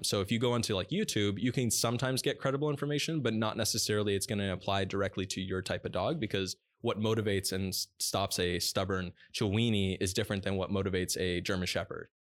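A man who runs a dog training business, explaining his app and technology in an interview in a fluent, explanatory way with frequent "uh" pauses. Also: sits low, fairly even intonation.

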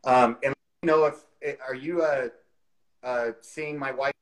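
A man's voice: mid-range voice, fairly even intonation, measured pace, a bit bright, poor audio. A man in his forties, the guest, telling a career story in a chatty way over a video call, with lots of "you know" fillers.

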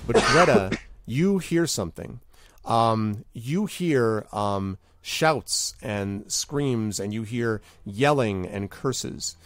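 A man's voice: fairly low pitch, slow. Guy dming a tabletop game, laid back, lots of ums, faint music behind. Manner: relaxed, with many fillers. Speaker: game master.

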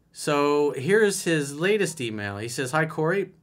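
A man's voice: fairly high pitch, big pitch swings, moderate pace, few pauses, fairly bright tone. A man speaking as a dating coach in a solo advice monologue, blunt and emphatic, reading out listener messages and commenting on them.

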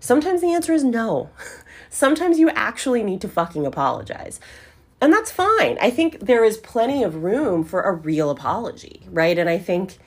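A woman hosting a solo podcast in a conversational way, often checking in with the listener and swearing casually. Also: lowish voice. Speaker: podcast host.

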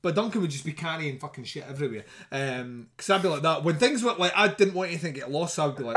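A man in middle age tells a story on a podcast, swearing freely. His voice sits slightly high for a man. He talks in a loose, animated way and laughs between lines. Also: fast talker, few pauses, very noisy. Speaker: podcast host. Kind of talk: casual storytelling.

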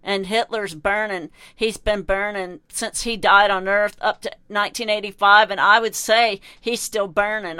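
A woman's voice: medium pitch, bright, forceful tone, clean tone, dry recording. A woman delivering an impassioned monologue in a preachy, condemning, repetitive way.

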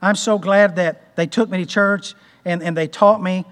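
A man's voice: high voice, steady tone, normal speed, fairly bright tone, long reverb tail. A man preaching a folksy sermon, restarting phrases and asking the congregation for an amen. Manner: folksy, repeats words and restarts, asks amen. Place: church.

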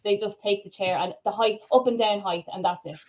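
Fast-talking woman guest, chatty. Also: mid-range voice, fairly even intonation, low-quality recording. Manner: chatty storyteller, quotes people she met. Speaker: workplace ergonomics assessor, guest. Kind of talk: casual chat.

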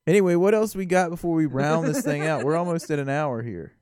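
A man's voice: a little high, fairly quick, darkish tone, no echo, studio quality. A man co-hosting a podcast, chatting casually and enthusiastically about football, laughing often. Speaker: podcast co-host. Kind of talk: casual sports chat.

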